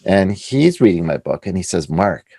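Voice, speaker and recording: A middle-aged Canadian man, an author being interviewed, telling animated anecdotes and acting out what other people said. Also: deep voice, normal speed, vocal fry, dry recording. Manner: animated anecdotes with quoted voices. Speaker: author and guest. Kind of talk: casual storytelling interview.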